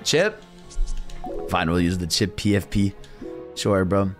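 A young adult man giving excitable, slang-filled live commentary on a video game, talking to his chat. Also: low voice, takes it slowly, faint music behind. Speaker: game streamer. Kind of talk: casual live gaming commentary.

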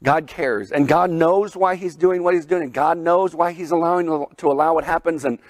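Animated storytelling pastor, man. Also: on the high side, normal speed, no echo. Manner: storytelling, animated, laughs often. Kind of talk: sermon. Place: chapel.

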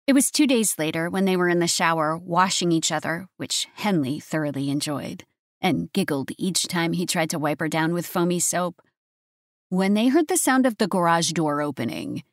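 A woman narrating a romance audiobook in a steady, even reading voice. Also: lowish voice, moderate pace, no echo, studio quality.

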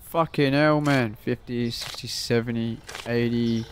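A man's voice: medium pitch, steady tone, a little slow, a little hiss or hum. A man giving casual gameplay commentary, swearing constantly and muttering prices as he counts change. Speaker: gaming channel host.

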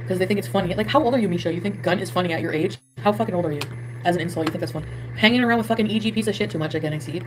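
A woman's voice: on the low side, rapid-fire, noisy background. A young woman vlogging, rambling, swearing and venting about her trip and her friends. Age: young adult. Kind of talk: emotional confessional vlog. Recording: clip with music behind.

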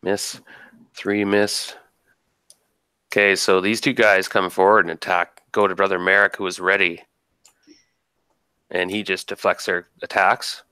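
A man's voice: sits low, level tone, a little slow, long pauses, pushed and bright, smooth, no room sound. A man running a tabletop game as game master, casually narrating combat and thinking aloud over dice rolls.

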